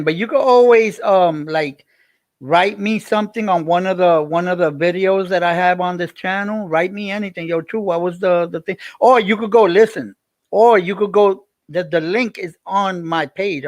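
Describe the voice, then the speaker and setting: A man's voice: high-pitched, no room sound. A man, livestreaming and chatting with viewers in a rambling way, repeating himself as he tells a story. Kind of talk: casual livestream chat.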